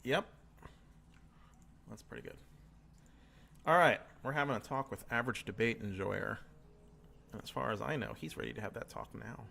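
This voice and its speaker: A man's voice: mid-range voice, moderate pace, gravelly, long pauses, sharp tone, slight background noise. Laid-back joking man hosting a stream. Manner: loose and joking, swears freely. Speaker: host. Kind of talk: casual chat.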